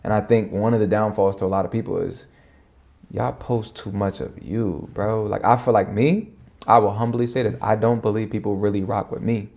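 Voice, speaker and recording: Fast-talking low, gravelly man. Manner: fast-talking, slangy, animated. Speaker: podcast guest and minister. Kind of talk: casual conversation.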